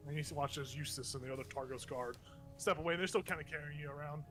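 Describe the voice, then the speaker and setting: A man's voice: a little high, quick pace, a bit bright, soft background music. A man running a tabletop game as game master, narrating in a loose, rambling way and laughing often.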